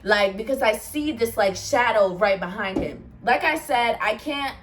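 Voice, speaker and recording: A woman telling a casual storytime, animated, swearing and laughing often. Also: on the high side, unhurried, far from the mic. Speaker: storyteller vlogger.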